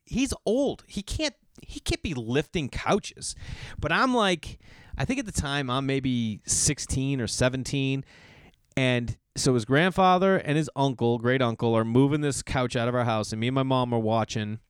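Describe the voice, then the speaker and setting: A middle-aged man from the US Northeast spins a long, rambling personal story as a podcast host. His voice is smooth and resonant, and he keeps restarting sentences and slipping into the voices of the people in his story. The sound is dry and close, with no room around it. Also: medium pitch, normal speed, dry recording. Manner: rambling and animated, full of restarts and sudden quoted voices. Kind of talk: storytelling monologue.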